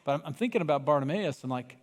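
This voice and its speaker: Animated male pastor in reverberant church. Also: fairly high pitch, rapid-fire. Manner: animated, acts out voices of people in the story, swings from loud cries to hushed. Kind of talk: sermon. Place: church sanctuary. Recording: long reverb of a church hall.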